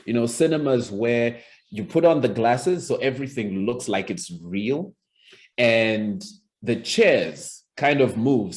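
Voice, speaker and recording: A man teaching presentation skills over a video call, talking conversationally with frequent restarts and acting out example lines. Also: mid-range voice. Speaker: public speaking coach. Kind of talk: online presentation skills lesson.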